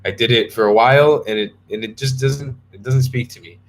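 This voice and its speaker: A man's voice: mid-range voice, brisk, a little hiss or hum. Tired young man rambling on a livestream. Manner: rambling, restarts a lot, reads viewer comments aloud. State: tired and yawning. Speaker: travel vlogger answering live chat. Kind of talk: casual live-stream chat.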